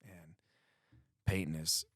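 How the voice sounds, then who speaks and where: Slow and with a breathy edge, a deep-voiced Colorado man tells a guest story, acting out the quotes in a casual, animated manner. His voice is recorded close and dry, with little room echo.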